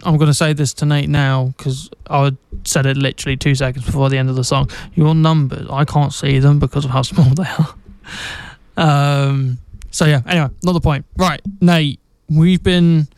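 A man co-hosting a local radio show, his voice a touch high with a gravelly edge yet smooth and resonant. He chats casually and jumps in with quick little reactions. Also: flat delivery, darkish tone, no echo. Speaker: radio co-host.

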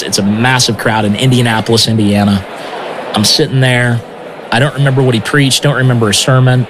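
A man telling his personal testimony as a missionary in a lively, conversational way, often tossing in "man" and "okay?". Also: medium pitch, slight background noise. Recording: music playing underneath.

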